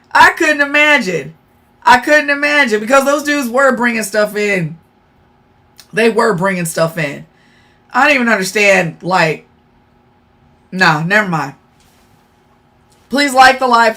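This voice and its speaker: A woman's voice: medium pitch, a bit bright. A woman hosting a casual livestream, blunt and profane, talking straight to her chat and calling them y'all, with a sore throat. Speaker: livestream host. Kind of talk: casual live-stream chat.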